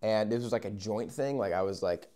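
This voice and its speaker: A young man telling a story in a casual, profane, animated way, with sudden loud bursts and quiet asides. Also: fairly low pitch, a little fast. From Arizona. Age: young adult.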